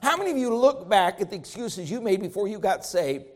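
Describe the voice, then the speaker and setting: A man's voice: high-pitched, big pitch swings, fairly quick. A man preaching a sermon to his congregation, with an emphatic, rising and falling preaching cadence. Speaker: pastor.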